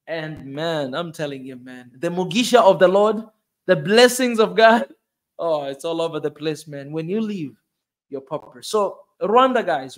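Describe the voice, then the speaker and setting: With a high, fairly bright voice, a forties-aged man hosting a video delivers a fervent, preachy motivational monologue. He repeats phrases for emphasis throughout.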